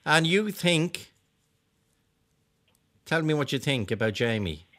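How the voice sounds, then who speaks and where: Male radio host, jovial and animated, lively pitch, studio sound. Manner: jovial, animated, quick to laugh. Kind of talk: phone-in radio chat.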